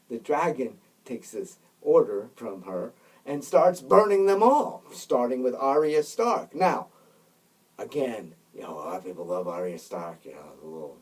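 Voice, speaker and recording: Husky man retelling a story emphatically. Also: mid-range voice, a little mellow, recorded from a distance, rough recording. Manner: emphatic, keeps checking in with "right?" and "okay?". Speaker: Catholic commentator. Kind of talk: casual storytelling commentary.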